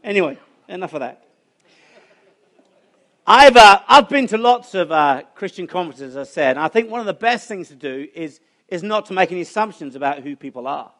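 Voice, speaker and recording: A man's voice: high voice, expressive, a little fast, a bit bright. A middle-aged man giving a chatty, humorous talk to a church audience, telling stories in a self-deprecating way. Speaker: conference speaker. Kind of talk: humorous sermon-style talk.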